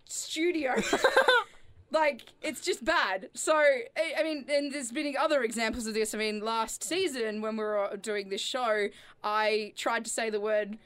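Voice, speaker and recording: A woman's voice: fairly high pitch, fairly even intonation, moderate pace, fairly bright tone, slight background noise. A young woman, co-hosting a casual radio chat in a studio, laughing as she stumbles over her words. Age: 20s. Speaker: radio co-host.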